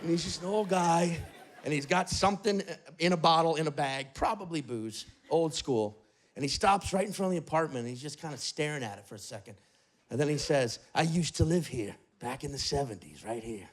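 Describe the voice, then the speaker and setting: A man doing a profane, animated stand-up set in an apartment. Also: a little high, fairly quick. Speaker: stand-up comedian. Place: apartment with live audience. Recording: live apartment crowd. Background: small audience laughing.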